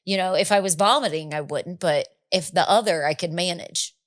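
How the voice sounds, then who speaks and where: A woman in her thirties, a podcast co-host, telling a story in a casual chat, animated and laughing, acting out quotes. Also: fairly low pitch, moderate pace.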